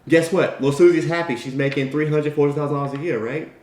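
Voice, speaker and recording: A man's voice: on the high side, quick pace, reverberant. A man giving a motivational talk, telling a story in a conversational way and acting out the people in it. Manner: animated storyteller acting out quoted characters; conversational, repeats "right?" and "you know". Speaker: motivational speaker.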